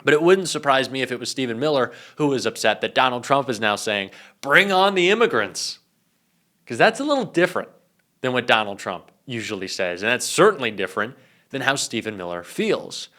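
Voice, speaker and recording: A man's voice: mid-range voice, very animated, brisk, fairly bright tone. A young man giving emphatic, indignant political commentary.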